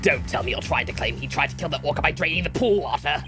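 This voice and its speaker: A playful woman streamer talks over her game, and her pitch leaps around as she jokes and swears. Game music plays clearly underneath her. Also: expressive, fast. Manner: playful, swears casually, laughs often. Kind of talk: casual let's-play chat with voice reading.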